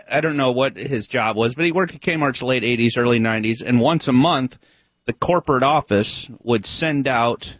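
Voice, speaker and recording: A man's voice: medium pitch, a bit bright, no room sound. A man who is a regular on a radio show, sharing a story hesitantly with frequent fillers and restarts. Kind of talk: casual radio chat. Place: radio studio. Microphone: studio microphone.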